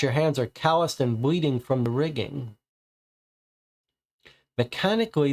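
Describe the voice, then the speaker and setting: A man's voice: on the high side, darkish tone. A man streaming a solo board game, reading card text aloud and working through his options to himself. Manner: deliberating, muttering options to himself.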